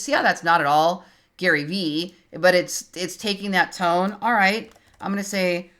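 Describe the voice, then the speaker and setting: Chatty woman in her fifties, low-pitched. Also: expressive, a bit bright. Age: 50s. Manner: chatty, thinks aloud while typing, reads prompts out slowly. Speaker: creator teaching online tools. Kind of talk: screen-recorded tutorial.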